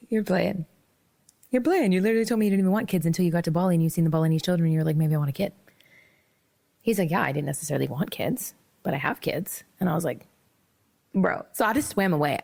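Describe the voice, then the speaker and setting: A woman's voice: low-pitched, vocal fry, darkish tone. A young woman hosting a podcast, telling a dating story casually, laughing and acting out both sides of the conversation. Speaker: podcast host.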